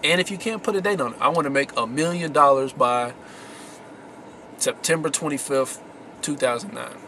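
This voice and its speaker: Bright-voiced man giving pep talk. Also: mid-range voice, normal speed, slight background noise. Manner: slangy, emphatic, repeats key words. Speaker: vlogger giving success tips. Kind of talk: casual motivational talk to camera.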